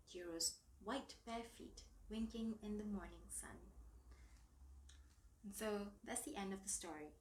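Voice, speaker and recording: A woman reading a story aloud in a soft, gentle storytelling manner. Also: mid-range voice, a little hiss or hum. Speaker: story reader. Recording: echoey room.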